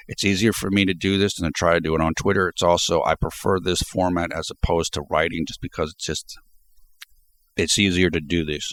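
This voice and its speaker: Man, very deep voice, casual vlog commentary, reflective and unhurried. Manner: relaxed, reflective, speaks off the cuff. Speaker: sports video blogger.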